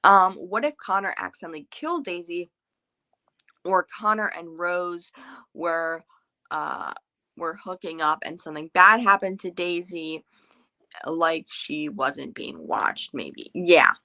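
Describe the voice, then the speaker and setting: Book club host, woman, bright lowish voice, casual rambling chat with fillers. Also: takes it slowly. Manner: chatty, many filler words and restarts.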